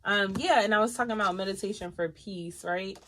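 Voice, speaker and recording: A woman giving a live tarot reading, chatty and expressive, speaking straight to her viewers. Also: mid-range voice, brisk, slight background noise. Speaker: tarot reader.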